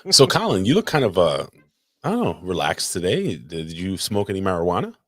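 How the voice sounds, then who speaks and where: Male podcast co-host, very deep, lively delivery, crude and teasing. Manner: profane, teasing, questions rapidly. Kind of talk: casual crude banter. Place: podcast studio.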